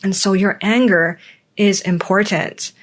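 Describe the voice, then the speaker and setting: An earnest woman talks through her own experiences in a reflective podcast monologue. She leans hard on key words and repeats them for emphasis. Her voice sits at an ordinary mid pitch for a woman. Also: fairly even intonation, unhurried. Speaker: podcast host.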